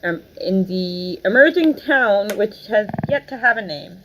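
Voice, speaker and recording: Woman game master, slow and halting, lots of ums. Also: medium pitch, lively intonation, heavy background noise. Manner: hesitant, with fillers. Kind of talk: narrating a tabletop game.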